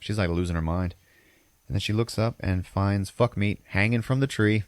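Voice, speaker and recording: A man's voice: sits low, fairly even intonation, normal speed, no echo. A man hosting a podcast, retelling a film plot in a loose, profane, rambling way. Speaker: podcast host. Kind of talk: casual film recap.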